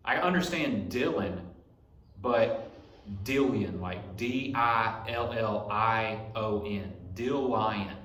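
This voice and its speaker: A man's voice: fairly low pitch, slow pace, fairly bright tone. A young man hosting a podcast in his garage, rambling through a profane story in a casual monologue. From Alabama. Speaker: podcast host. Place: home garage. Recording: echoey garage.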